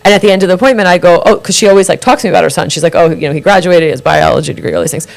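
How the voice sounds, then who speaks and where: Animated woman telling stories, swearing freely. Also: fairly low pitch, rapid-fire, gravelly. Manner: animated storyteller, acts out quoted dialogue, swears freely. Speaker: tarot card reader, guest. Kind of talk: casual live chat, anecdote telling. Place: studio.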